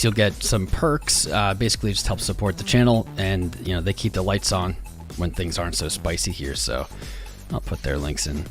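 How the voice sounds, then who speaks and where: A relaxed American man hosts a casual live stream, chatting loosely and greeting viewers by name. His voice sits on the low side and is a touch hoarse. Faint music plays behind him. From United States. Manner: laid-back, greets chat by name, rambling. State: slightly losing his voice. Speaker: crypto livestream host. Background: music playing.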